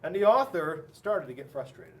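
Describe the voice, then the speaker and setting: Man reading storybooks to kids, high lively voice, a bit off-mic. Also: normal speed, recorded from a distance. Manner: playful, animated, exaggerated storyteller. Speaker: police officer reading to children. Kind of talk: children's storybook read-aloud.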